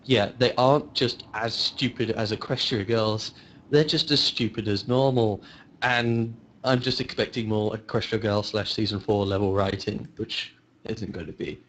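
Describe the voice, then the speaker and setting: A man's voice: fairly low pitch, fairly even intonation, normal speed, low-quality recording. A man giving his opinions at length in a casual group chat, rambling with fillers. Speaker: podcast panelist.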